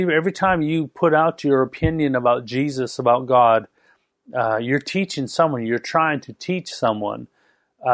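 A man's voice: mid-range voice, no room sound, clean studio sound. Canadian-raised man preaching with stories. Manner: storytelling, animated retelling, conversational asides. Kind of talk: sermon with personal story.

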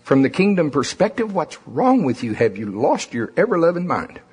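A pastor delivering a sermon with impassioned, rising-and-falling preaching. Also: male voice, on the high side, big pitch swings, normal speed, darkish tone, slightly rough.

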